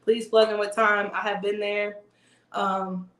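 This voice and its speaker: A woman's voice: medium pitch, level tone, unhurried, a bit bright, reverberant. A woman hosting a casual livestream, chatting and joking with viewers. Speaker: livestream host.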